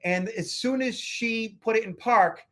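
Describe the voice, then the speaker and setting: High-voiced man telling rambling stories. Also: unhurried. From Boston area, United States. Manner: rambling anecdotal storyteller with many fillers and restarts. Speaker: podcast co-host, security expert. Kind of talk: casual chat.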